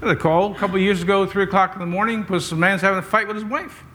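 A man's voice: high voice, fairly even intonation, racing, a bit bright, a little hiss or hum. An older man, a pastor, preaching a conversational sermon with wry asides to his congregation.

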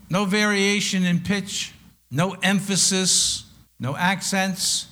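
An older man preaching a sermon, reading scripture slowly and with deliberate emphasis on each word. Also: sits high, pushed and bright.

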